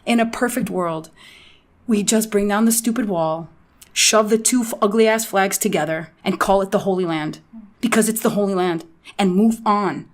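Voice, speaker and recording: A woman comedian from Palestine, a guest on a podcast, talking bluntly and with animated emphasis. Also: mid-range voice, moderate pace. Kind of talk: candid podcast interview.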